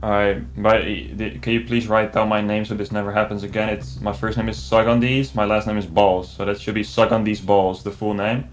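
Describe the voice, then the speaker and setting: A man keeps a straight, mock-serious voice while pranking a scammer. His pitch sits on the low side. A faint noise hangs behind him. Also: flat delivery, a little fast, hardly any pauses. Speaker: prank caller.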